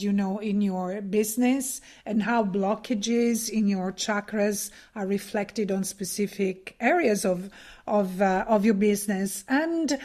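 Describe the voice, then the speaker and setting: A woman talking thoughtfully in a casual conversation, measured and with many fillers. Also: medium pitch, darkish tone. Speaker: workshop leader, former conference interpreter.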